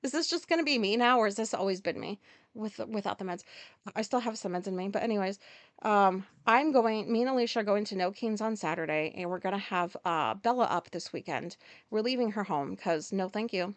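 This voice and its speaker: A woman's voice: mid-range voice, animated, no echo. A woman hosting a casual solo podcast, talking in a rambling way with lots of fillers and swearing, often stopping to apologize. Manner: rambling, profane, with many fillers and quick apologies. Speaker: podcast host.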